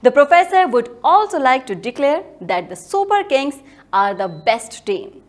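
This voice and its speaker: A woman's voice: sits high, sing-song, measured pace. A woman announcing a playful mock breaking-news bumper.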